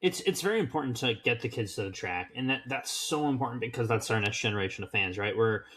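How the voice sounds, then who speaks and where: A man in his twenties co-hosting a podcast, chatting in a relaxed way with joking asides. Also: medium pitch, fast talker, husky. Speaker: podcast co-host. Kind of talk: casual chat.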